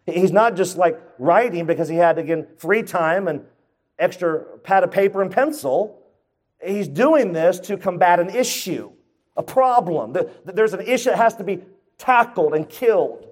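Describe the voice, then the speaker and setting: A man's voice: high voice, animated, normal speed. A pastor preaching to his church congregation, emphatic and conversational, repeating his key points and putting questions to the room. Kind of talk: sermon.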